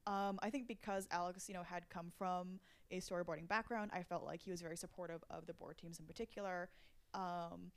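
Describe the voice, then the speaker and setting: A woman's voice: fairly low pitch, steady tone, fairly quick. A young adult woman, a storyboard artist, chatting casually in an interview, with many fillers and frequent laughs.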